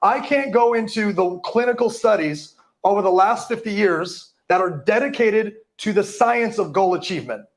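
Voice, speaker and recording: High-voiced hyped-up motivational speaker man. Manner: profane, hyped, stumbles over words. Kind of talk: live motivational talk.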